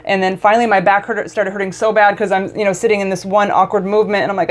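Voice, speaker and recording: A woman's voice: medium pitch, level tone, quick pace. A woman vlogger telling a personal story in a casual, emotional way, often stumbling and restarting mid-sentence.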